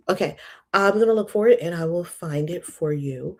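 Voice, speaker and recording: Chatty, animated middle-aged woman host. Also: fairly low pitch, normal speed. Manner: chatty, animated, laughs often, breaks into recitation. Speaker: host reading and discussing scripture. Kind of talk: casual livestream talk.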